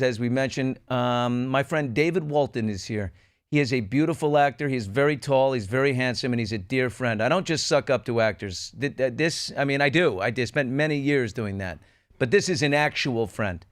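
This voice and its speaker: A middle-aged man hosting a talk show, riffing sardonically in casual political commentary. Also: medium pitch.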